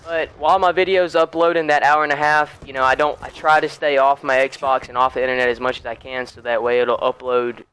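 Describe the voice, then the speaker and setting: A young man talks casually over his gameplay footage, wandering off track and restarting sentences with plenty of ums. His voice is smooth and clear, pitched in the middle range. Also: steady tone, brisk, hardly any pauses, a bit bright, rough recording. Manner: rambling, with many fillers and restarts; laid-back and chatty. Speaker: gaming YouTuber.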